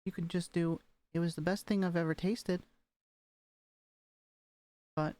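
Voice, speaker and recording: A woman with a lowish, steady, darkish voice speaks unhurriedly and pauses often, with no echo. She's a voice training student doing her homework while streaming as a vtuber from a room at home, chatting casually with plenty of fillers and repeating practice sentences with rising and falling intonation. A webcam microphone picks her up.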